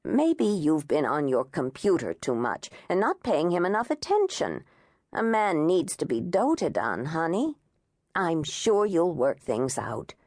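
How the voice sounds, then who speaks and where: A woman narrator voicing an elderly, old-fashioned grandmother with a soft, motherly way of talking. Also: sits low, very animated, unhurried, no echo, clean studio sound, full character voice. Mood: gentle, motherly. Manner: soft, motherly, turning frantic when scared.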